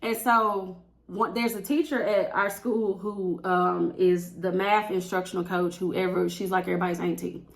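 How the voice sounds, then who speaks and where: Exasperated woman telling a story, slight gravel. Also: lowish voice, normal speed. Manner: animated storytelling, acting out quotes with exasperated outbursts. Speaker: teacher. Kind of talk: casual storytime vlog.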